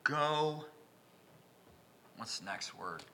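A man preaching a sermon in a church, swinging from loud, emphatic bursts down to hushed whispers. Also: medium pitch, animated, unhurried, slight background noise.

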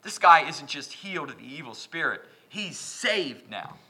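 Bright-voiced man preaching with dramatic swings. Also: on the high side, very animated, moderate pace, husky. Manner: dramatic swings from loud emphasis to whispers. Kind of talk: sermon. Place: church.

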